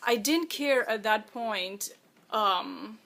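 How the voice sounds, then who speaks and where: A woman who is the author of her own memoir, speaking in a personal, reflective monologue, halting and emotional as she fights back tears. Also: medium pitch, gravelly, fairly bright tone.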